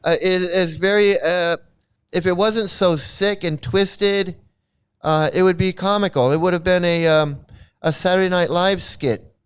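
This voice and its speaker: A man hosting his own channel, reacting live and circling back over the same points again and again. His voice sits on the high side for a man, and it comes across clean and resonant. He stumbles, restarts and repeats himself as he goes. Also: fairly even intonation, unhurried, clear, resonant tone. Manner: rambling and repetitive, many restarts. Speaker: channel host.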